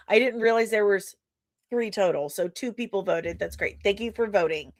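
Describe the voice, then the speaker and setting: A woman's voice: mid-range voice, moderate pace, dry recording, clean studio sound. A woman hosting a podcast in casual chat, rambling and self-deprecating with many fillers. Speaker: podcast host and comic creator.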